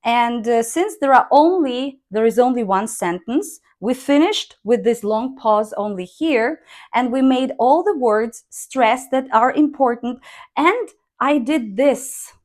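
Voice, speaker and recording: Woman, teacher, slow deliberate delivery, fairly high voice. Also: lively intonation. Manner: slow, deliberate, models intonation by reading sentences aloud. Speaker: English speaking teacher. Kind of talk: online language lesson.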